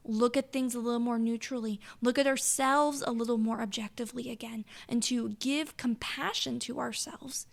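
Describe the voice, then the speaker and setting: A woman podcast host and coach speaking gently to listeners, often close to a whisper. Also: a little high, steady tone, normal speed, vocal fry, few pauses. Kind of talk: reflective podcast aside to listeners.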